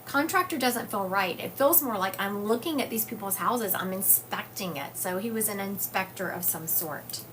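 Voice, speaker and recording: A woman's voice: mid-range voice, moderate pace, hardly any pauses, noisy background. A woman hosting a psychic livestream, chatting casually and reading viewer comments aloud with frequent fillers. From US South. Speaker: psychic medium livestream host. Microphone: phone or webcam livestream.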